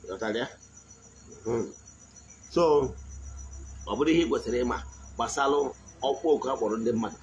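A man giving a spiritual teaching in a slow, deliberate voice, often asking his listeners if they follow. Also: mid-range voice, dull audio, slight background noise. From Nigeria. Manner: switches between Igbo and English, frequent check-ins. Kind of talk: spoken teaching.

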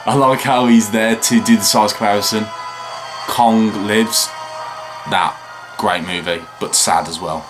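A man's voice: lowish voice, moderate pace, music in the background. Tired, chatty man reacting. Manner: rambling, chatty, easily excited, laughs often. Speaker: reaction channel host. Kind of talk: casual video reaction commentary.

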